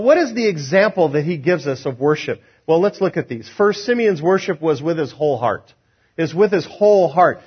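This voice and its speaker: Husky-voiced man preaching a sermon. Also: sits high, muffled recording. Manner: preaching with rhetorical questions, acting out quotes. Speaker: pastor.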